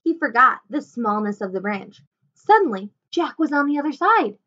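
A woman teacher reading a children's chapter book aloud at home, with expressive delivery. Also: high voice, normal speed, muffled recording. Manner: expressive, animated. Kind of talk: storybook read-aloud.

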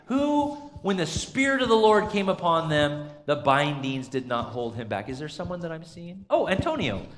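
A man's voice: a little high, big pitch swings, normal speed, a bit bright, slight background noise. A man preaching as pastor, running an interactive Bible trivia quiz with his congregation, chatty and full of fillers. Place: church sanctuary. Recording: long church reverb.

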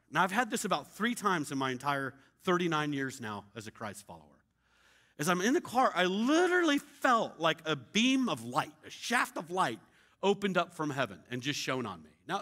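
A middle-aged male pastor telling a story in a sermon, acting out the dialogue with shouts and laughter. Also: sits high.

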